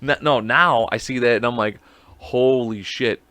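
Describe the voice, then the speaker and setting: A man's voice: medium pitch, brisk, pushed and bright, clear, resonant tone, no room sound. A man hosting a podcast alone, chatting casually in a rambling, profane, self-mocking way. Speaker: podcast host. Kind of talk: casual solo chat.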